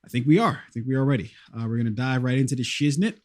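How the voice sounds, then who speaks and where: A man's voice: medium pitch, rapid-fire, darkish tone, no room sound, clean studio sound. A man hosting a podcast in casual chat, hesitant and full of filler words, stumbling over names. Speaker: podcast host.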